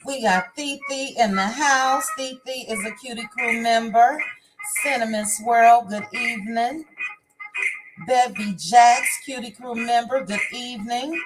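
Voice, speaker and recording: A woman's voice: a little high, a little slow, poor audio. A woman hosting a casual livestream, reading viewer comments and greeting each viewer by name. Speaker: livestream host. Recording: music playing behind the voice.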